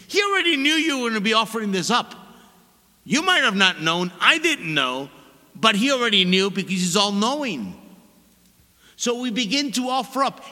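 A Catholic priest in his sixties giving a sermon, an expressive storyteller who stresses his points by repeating them. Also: sits high. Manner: animated, expressive storyteller with laughs and emphatic repetition. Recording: long reverb of a large hall.

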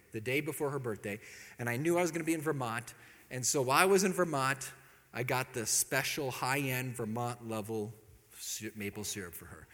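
A man's voice: medium pitch, sharp tone, long reverb tail. A man giving a talk and telling a self-mocking story about his marriage, laughing at his own jokes.

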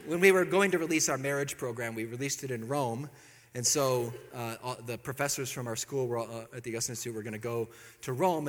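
A man's voice: mid-range voice, fairly bright tone, long reverb tail. A man giving a talk and telling a self-mocking story about his marriage, laughing at his own jokes.

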